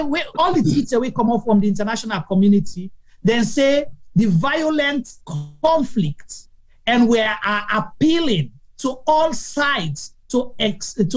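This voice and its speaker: A woman with a Sierra Leonean accent co-hosting a live talk show, giving animated political commentary. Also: a little high, low-quality recording.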